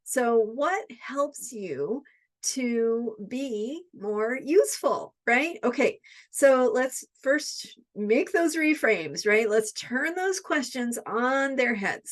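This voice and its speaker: A woman's voice: high-pitched, lively intonation, slow, a bit bright. A woman astrologer teaching in a reflective spoken style, often repeating her questions and asking "right?" between her points.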